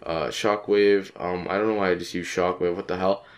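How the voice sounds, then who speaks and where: A man's voice: deep voice, flat delivery. Sick-sounding young man cursing at a game. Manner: frustrated, swearing, repeats phrases in quick bursts. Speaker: gaming channel host. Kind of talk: casual let's-play commentary.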